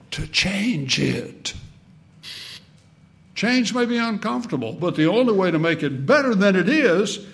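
Male preacher, sermon, folksy, rhetorical questions, gravelly, a bit high. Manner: emphatic, swings between loud and soft.

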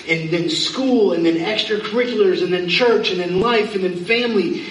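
A man's voice: high voice, moderate pace. Preacher guy talking to his church, mic kinda far, echoey hall, faint room hum. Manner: conversational preaching with questions to the congregation. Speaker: pastor. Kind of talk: sermon. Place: church sanctuary.

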